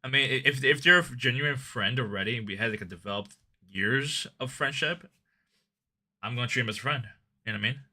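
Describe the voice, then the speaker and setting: A man's voice: mid-range voice, brisk, sharp tone. A man chatting as a guest on a livestream, talking defensively and hesitantly, often repeating his words. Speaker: stream guest. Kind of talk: casual chat.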